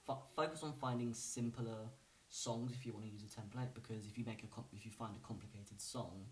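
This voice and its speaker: A man giving a casual music lesson, relaxed and rambling, with lots of fillers and restarts. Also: fairly low pitch, a little fast, a little hiss or hum. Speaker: music teacher. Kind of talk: casual instructional talk. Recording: roomy, from a distance.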